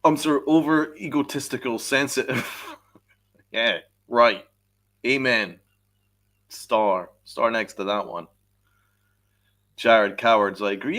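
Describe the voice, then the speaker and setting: A man hosting a live sports podcast vents angrily in a mid-range, slightly bright voice, speaking slowly and pausing often. He swears heavily and reads chat messages aloud, reacting to them in his live-stream rant.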